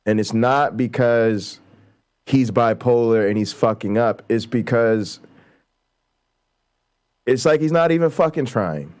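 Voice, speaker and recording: A man's voice: mid-range voice, slow, pauses often, a little mellow. A man hosting a casual livestream, talking bluntly and profanely and building to heated, emphatic outbursts. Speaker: show host.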